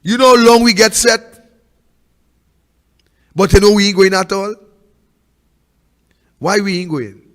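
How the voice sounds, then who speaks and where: Fiery high-voiced Trinidadian man. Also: measured pace, pauses often, in a large hall. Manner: preachy, repeats rhetorical questions, swings from loud to hushed. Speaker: political talk show host. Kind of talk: impassioned political commentary.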